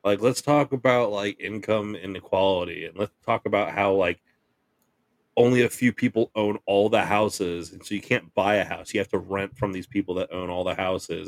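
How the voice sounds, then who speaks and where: In a dry recording, a low, steady-toned man speaks at a moderate pace as a podcast co-host. It's casual, profane chat: he rants heatedly and swears freely, then laughs and jokes along.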